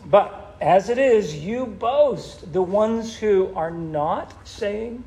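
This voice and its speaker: A man preaching a sermon in an animated, conversational way, with a gravelly voice. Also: high voice, slow, hardly any pauses. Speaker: pastor.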